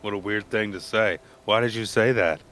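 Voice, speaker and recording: A man with a lowish voice taking part in a tabletop game, bantering in character. He is wry and playful, tossing off dry jokes and quick questions. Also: a bit bright, slight background noise. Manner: joking, wry, quick with asides. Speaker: player. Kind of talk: in-character role-play banter.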